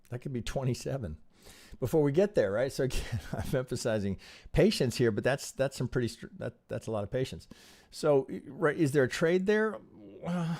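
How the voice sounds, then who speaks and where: A male streamer analyzes trading charts live, his talk animated and rhetorical, with frequent false starts and tag questions. He speaks at a medium pitch with noticeable vocal fry.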